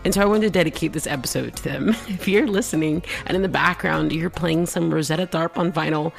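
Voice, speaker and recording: A bubbly woman hosts her own podcast, chatting casually on her own. Her talk is loose and friendly, full of laughs and sudden high, excited jumps. Her voice keeps a gravelly edge at the bottom. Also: brisk, hardly any pauses, soft background music. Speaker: podcast host. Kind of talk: casual solo podcast chat.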